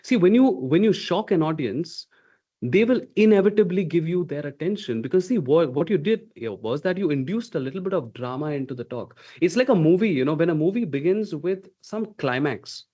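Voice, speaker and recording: A man's voice: fairly high pitch, animated, fairly quick, mellow. A man teaching a leadership class online. He talks emphatically, throws rhetorical questions at his students and checks in with a frequent "okay?". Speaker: leadership instructor. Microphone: video call. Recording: dull lo-fi call audio.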